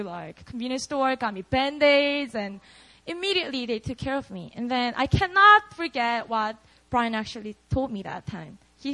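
A woman's voice: a little high, sharp tone, poor audio. A young woman preaching a casual, storytelling sermon, chatty and full of "like" and "you know". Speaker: preacher at a prayer meeting.

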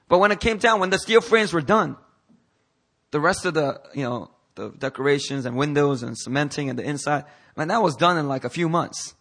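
Bright-voiced man preaching a sermon. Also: a little high, normal speed. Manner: energetic preaching with frequent hallelujahs; calls on the congregation to repeat after him. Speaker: pastor. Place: church service.

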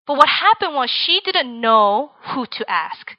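A woman's voice: sits high, big pitch swings, unhurried, few pauses, no echo. Chatty young woman preaching, dry lo-fi sound. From Virginia, USA. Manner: chatty, tags lines with "right?" and "like". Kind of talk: casual sermon to students.

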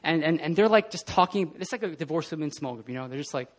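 High-voiced animated male pastor. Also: fast. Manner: animated, laughing, acting out scenes. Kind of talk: casual sermon. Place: church hall.

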